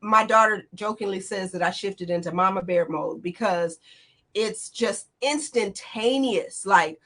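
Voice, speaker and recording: A woman in her forties, a guest in an interview, retelling a frightening escape in an animated, tumbling way, full of quoted dialogue. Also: mid-range voice, unhurried. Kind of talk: emotional personal account.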